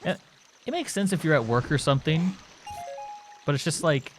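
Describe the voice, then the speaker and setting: A man's voice: fairly high pitch, sing-song, moderate pace, faint music behind. A man doing casual live-stream commentary while playing, rambling and joking with his viewers and swearing now and then. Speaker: game streamer.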